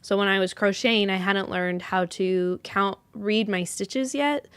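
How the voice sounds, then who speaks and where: Woman host, live-stream chat, giggly, rambling, slow and unhurried, dry close sound. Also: mid-range voice, fairly bright tone, clear, resonant tone, dry recording. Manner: bubbly and giggly, often laughing at herself; rambling with many restarts. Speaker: host of a live yarn show.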